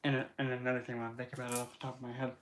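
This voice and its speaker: Man, casual livestream chat, rambling asides, mid-pitched voice. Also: completely flat delivery, rapid-fire, a little hiss or hum. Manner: rambling, with frequent restarts and asides. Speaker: livestream host.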